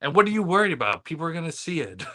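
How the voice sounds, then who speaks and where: A man's voice: fairly high pitch, very animated, rapid-fire, bright, forceful tone. A man co-hosting a casual podcast chat, rambling and hesitant, with lots of filler words. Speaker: podcast co-host.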